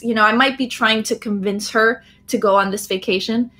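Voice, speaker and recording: A woman's voice: a little high, fairly even intonation, fairly quick, hardly any pauses, bright, forceful tone. A woman with an American accent, explaining phrases in a live online English lesson, often checking in with "right?". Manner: frequent "um" fillers. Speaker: English teacher.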